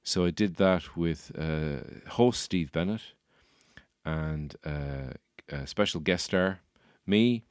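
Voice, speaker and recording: A man's voice: low voice, slow pace, darkish tone, clean tone, no room sound, studio quality. A man with a Dublin Irish accent, a comedian hosting his podcast, rambling on in a wry, self-mocking way. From Ireland. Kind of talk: comic podcast monologue.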